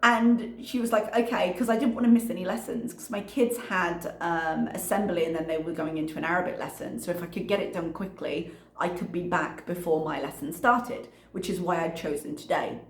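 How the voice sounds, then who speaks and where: A young woman vlogger in casual chat, animated, laughing often and acting out what others said. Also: on the low side, a little fast, echoey room.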